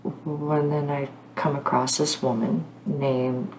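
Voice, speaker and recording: A woman's voice: deep voice, level tone, slow, darkish tone, a little hiss or hum. A middle-aged woman talking casually to camera as a psychic host, rambling and earnest with frequent fillers and apologies. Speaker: psychic medium channel host.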